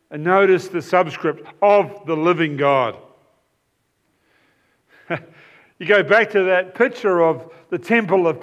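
A man's voice: sits high, a bit bright. A man preaching a sermon, explaining a passage with emphatic, repeated phrases.

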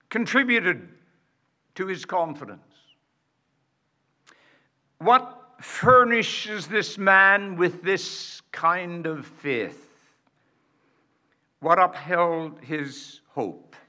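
A man preaches a sermon slowly and emphatically, using dramatic pauses and rhetorical questions aimed at the congregation. His voice is on the high side with a sharp tone.

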